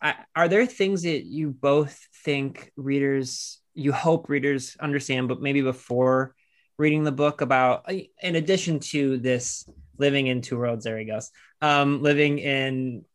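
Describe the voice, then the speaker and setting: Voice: mid-range voice, unhurried. A podcast host chats with two guests over a video call. The questions wander and restart, and the tone stays casual and friendly.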